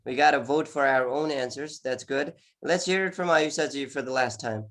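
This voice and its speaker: A man's voice: medium pitch, moderate pace, a bit bright. A man teaching an online English exam class, encouraging, repeating words often with many "okay"s. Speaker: IELTS teacher.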